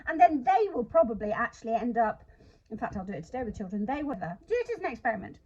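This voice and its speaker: A woman's voice: fairly high pitch, very animated, fast, darkish tone, breathy edge, dull audio. A woman explaining a spelling routine in a chatty, self-deprecating way, sounding out word parts as she goes. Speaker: literacy teacher. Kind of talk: instructional talk to camera.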